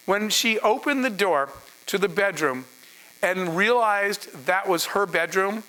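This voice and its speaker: A middle-aged man lectures to a room as he tells a story, acting out each quoted voice with energy. His voice sits high for a man and rings bright and forward. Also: a little slow, low-quality recording. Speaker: entrepreneur giving a masterclass.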